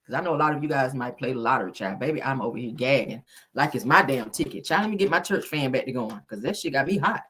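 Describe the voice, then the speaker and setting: Her voice sits extremely low yet sounds a bit bright, fast, animated and slightly breathy. She hosts a relaxed chat, reading viewer comments in a sassy, theatrical style, cursing often and calling people "baby" and "child."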